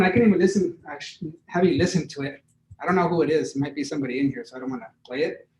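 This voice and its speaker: Running a hands-on sales training session, an energetic man with a high voice keeps demonstrating and checking on his listeners with "right?" Because he sits far off the mic, his voice echoes around a roomy space, and a faint background noise runs beneath it.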